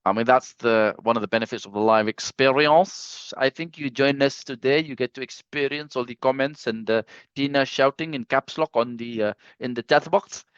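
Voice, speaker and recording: A man walks attendees through a software setup on a live video call, reading the chat aloud with easy teasing asides. His voice sits in a middle register and comes through a dry, close, slightly dull computer mic. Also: medium pitch, normal speed, clear, resonant tone, no room sound. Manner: chatty, reads chat comments aloud, teasing. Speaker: software trainer hosting a live webinar. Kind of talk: casual live screen-share tutorial.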